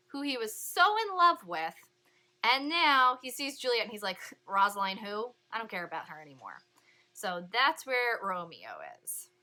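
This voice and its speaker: Lively woman teacher with a bright voice. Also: mid-range voice. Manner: lively, chatty explaining. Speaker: English teacher. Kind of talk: read-along literature lesson.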